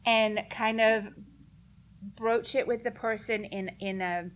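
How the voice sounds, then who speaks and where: A woman's voice: fairly high pitch, steady tone, slow pace. Earnest, direct woman speaker. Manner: earnest and direct, laughs often. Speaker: conference speaker answering questions. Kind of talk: casual Q&A talk.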